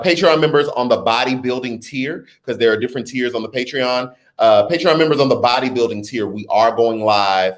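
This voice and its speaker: A man hosting a casual livestream, reading viewer comments and chatting with his audience in an animated, talkative way. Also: mid-range voice. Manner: chatty, animated, talks straight to his chat. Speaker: livestream host.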